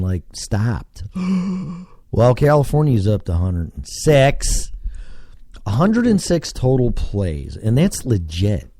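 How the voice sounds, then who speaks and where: A man's voice: lowish voice, dark tone, breathy edge, no room sound, clean studio sound. A man from Texas, hosting a casual solo podcast from his basement and rambling as he thinks aloud, with casual swearing. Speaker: podcast host. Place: home basement.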